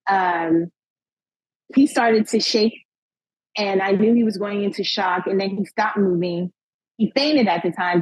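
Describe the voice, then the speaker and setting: A young woman tells a personal story as an interview guest, with a husky, slightly breathy voice. She talks in an animated way and acts out what people said. The sound is dull and lo-fi, like a modest podcast recording. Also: mid-range voice. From United States. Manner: animated retelling, acting out quotes, frequent laughs and "like".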